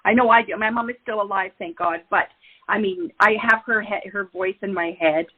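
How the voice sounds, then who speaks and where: A woman hosting an interview, chatty and quick to laugh. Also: medium pitch, slightly rough. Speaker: host. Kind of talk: casual interview chat. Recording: tinny phone-like line.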